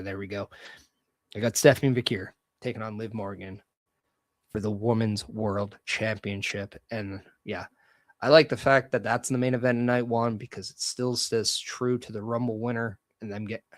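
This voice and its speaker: A man with a fairly low voice hosts his own podcast, talking loosely and with energy. He gives pointed opinions and picks up speed when something gets him going. The sound is close and dry, with no room around it. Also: moderate pace, dry recording. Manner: energetic, opinionated, loose fantasy-booking talk. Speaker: podcast host. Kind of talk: casual solo commentary.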